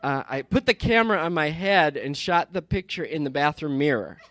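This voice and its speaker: Chatty pastor with a dry close sound. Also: male voice, fairly high pitch, lively intonation, moderate pace, no room sound. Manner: rambling and warm-humored, with many restarts and laughs. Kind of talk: casual talk from the pulpit.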